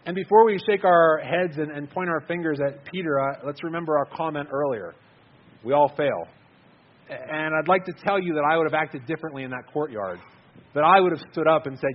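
A man's voice: on the high side, brisk, highs cut off. A man giving an earnest, conversational sermon, repeating words as he stresses his points. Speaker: preacher.

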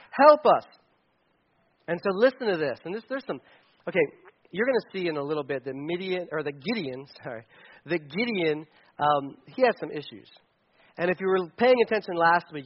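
Brief: male pastor, high voice, chatty sermon with casual asides, muffled lo-fi sound. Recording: dull lo-fi sound.

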